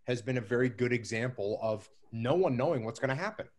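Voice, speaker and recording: A man answering interview questions about leadership in a measured, emphatic way, often repeating key phrases. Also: mid-range voice, animated, a little mellow. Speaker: guest speaker on leadership.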